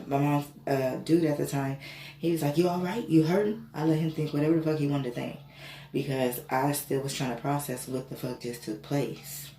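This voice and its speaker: A woman's voice: low-pitched, vocal fry, darkish tone. A woman vlogger casually telling an emotional spiritual story, swearing and rambling with many fillers. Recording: echoey room, faint ambient noise.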